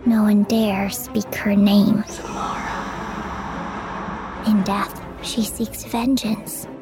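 A woman narrates a horror trailer in a slow, breathy half-whisper. Each line is drawn out and hushed. Loud music plays underneath her. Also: mid-range voice, flat delivery.

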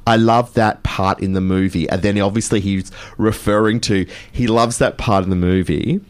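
A man's voice: on the low side, fairly even intonation, normal speed. A man, co-hosting a community radio show and gushing through a film review in casual chat. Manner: chatty, gushing, enthusiastic. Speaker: radio co-host. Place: radio studio.

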